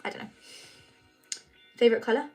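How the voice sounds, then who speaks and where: A woman's voice: brisk, darkish tone, faint music behind, poor audio. A British woman chatting casually on a live stream, reading out viewer comments and answering them in a chatty, apologetic way. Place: home, at night.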